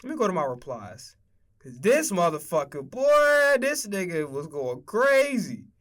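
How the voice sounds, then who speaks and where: Young male streamer, high-pitched and emphatic, profane casual football rant. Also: very animated, measured pace, fairly bright tone.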